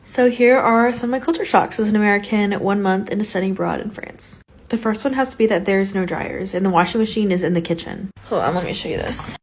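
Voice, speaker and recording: A woman's voice: mid-range voice, brisk, husky. A woman studying abroad, chatting in a bubbly, conversational way in a casual vlog. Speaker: student abroad.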